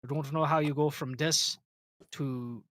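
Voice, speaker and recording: A man co-hosting a podcast in casual chat, joking and cutting in with quick quips. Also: a little high, steady tone, fairly bright tone, no echo, clean studio sound. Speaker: podcast co-host.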